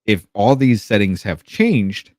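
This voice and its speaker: Low-voiced man telling a work story. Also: sing-song, unhurried, darkish tone, dry recording, studio quality. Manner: storytelling, trailing restarts, swearing. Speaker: podcast co-host. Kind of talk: casual podcast chat.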